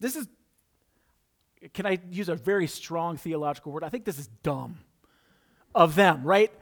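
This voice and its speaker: Guy with a pretty high voice giving a laid-back sermon, animated storytelling, wry asides. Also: normal speed. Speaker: pastor. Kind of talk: conversational sermon.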